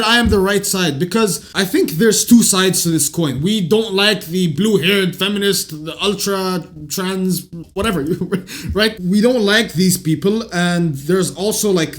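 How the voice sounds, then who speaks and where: A man hosting a self-improvement channel, delivering a blunt, profane, opinionated monologue that rises to shouts when heated. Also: high voice. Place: Canada.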